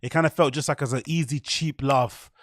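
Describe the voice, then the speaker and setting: A man's voice: a little high, fairly even intonation, fairly quick, no echo, clean studio sound. A man hosting a podcast, giving chatty, opinionated commentary on a comedy clip and talking straight to his viewers. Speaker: podcast host. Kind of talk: casual commentary reacting to a clip.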